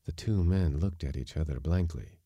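Reading a scripted short story as an audiobook-style podcast narrator, this man speaks evenly and deliberately. His voice is very deep and dark, captured in a close, dry recording free of room reverb.

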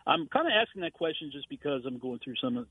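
A man calling into a radio show, friendly and halting as he searches for words. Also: a little high, very animated, no room sound. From San Antonio, Texas. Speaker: radio caller. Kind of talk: phone-in call. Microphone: telephone. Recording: tinny dry phone line.

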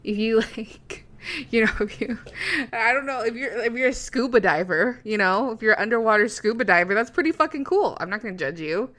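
A woman's voice: fairly high pitch, lively intonation, a bit bright. A young woman co-hosting a podcast in casual chat, swearing freely and laughing often. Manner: swears freely, laughs a lot, talks in quick bursts. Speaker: podcast co-host.

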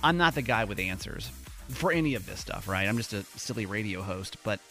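A man's voice: lowish voice, expressive, brisk, bright, forceful tone, soft background music. A man in his forties hosting a morning radio show, talking casually and earnestly with lots of fillers. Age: 40s. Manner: earnest, loose, many fillers.

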